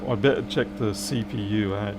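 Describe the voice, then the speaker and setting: A man's voice: fairly low pitch, steady tone, normal speed, noisy background. A man, a repair technician bantering with viewers and muttering to himself while he works on a live stream.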